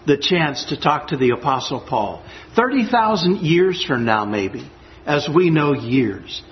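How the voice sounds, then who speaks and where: Guy giving a sermon, slow and earnest, pitch jumps around a lot, kinda dull lo-fi sound. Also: slight background noise. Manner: earnest, emphatic, reads scripture aloud and reflects on it. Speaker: pastor.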